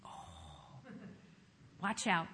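Animated woman pastor preaching in a hall. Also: extremely slow, a little hiss or hum. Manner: animated storytelling, swinging from hushed asides to shouted praise. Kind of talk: sermon. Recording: long hall reverb.

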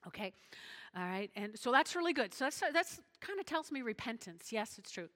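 A woman's voice: a little high, big pitch swings, brisk, fairly bright tone, big-room sound. A woman preaching a chatty sermon, checking in with her listeners often. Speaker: pastor's wife, preacher.

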